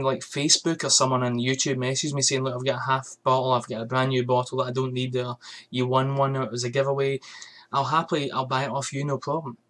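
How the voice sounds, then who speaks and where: A man's voice: a little high, a bit bright. Angry swearing man ranting. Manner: angry, swearing, rhetorical questions. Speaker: fragrance reviewer. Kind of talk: ranting vlog.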